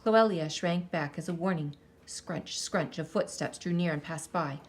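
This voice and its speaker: A woman reads a children's story aloud in a lowish voice, lingering expressively over counts and sound words. Her storytelling is lively and deliberate. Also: slight background noise.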